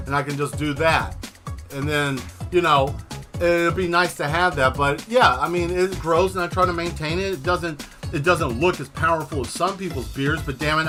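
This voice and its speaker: A man hosting a casual stream, telling a long exasperated story with plenty of swearing and animated asides. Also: fairly high pitch. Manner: exasperated, profane, animated retelling. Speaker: host.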